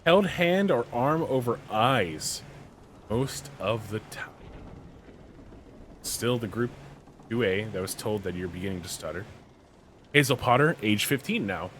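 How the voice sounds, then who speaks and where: A man's voice: fairly low pitch, a little hiss or hum. A man co-hosting a podcast, reading a story aloud and breaking off into slangy, joking asides. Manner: reads aloud then riffs with slangy asides. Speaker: podcast co-host. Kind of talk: casual reading and commentary.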